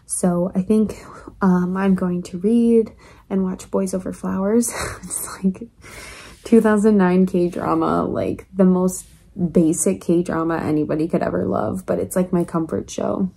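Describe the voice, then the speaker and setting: A young woman vlogging in a casual, confessional way, soft and wistful, rambling with many fillers and close to tears. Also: on the low side, fairly even intonation, a little slow, gravelly, slightly rough. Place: resort, quiet indoors.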